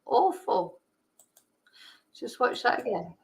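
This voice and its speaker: A woman's voice: medium pitch, moderate pace, fairly bright tone, rough recording. A woman hosting a casual chat, rambling and exclaiming as she reacts to old videos. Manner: chatty, rambling, exclaiming in disgust. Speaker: channel host.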